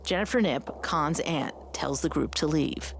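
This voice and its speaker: A woman co-host giving scripted true crime narration in a measured, dramatic storytelling way. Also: sits low, creaky, a little hiss or hum. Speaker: podcast co-host.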